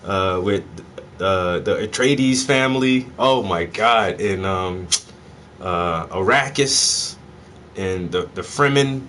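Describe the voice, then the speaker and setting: A low-voiced man with a drawl rants casually to the camera, swearing freely and tossing in "yo" and "bruh". His talk is loose and excitable, with a faint hum of noise in the background. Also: slow. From South Carolina, US. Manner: profane, excitable, peppered with "yo" and "bruh". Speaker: host. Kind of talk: casual monologue.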